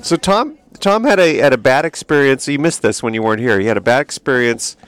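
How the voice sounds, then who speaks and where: An American man hosting a casual chat, a little drunk, telling stories with animated energy and frequent laughter. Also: medium pitch, a little fast, clear, resonant tone. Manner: animated storyteller, laughs often. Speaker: podcast host.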